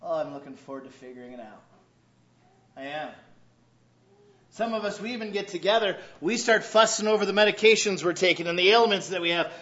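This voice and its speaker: High-voiced male pastor in a roomy hall. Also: brisk, fairly bright tone. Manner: humorous, acts out little scenes with quoted voices. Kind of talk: sermon. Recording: roomy, dull lo-fi sound.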